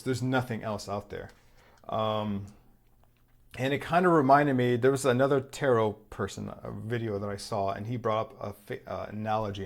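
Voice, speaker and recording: A man giving a casual spoken tarot reading, rambling loosely, repeating himself and swearing freely. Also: mid-range voice. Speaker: tarot reader.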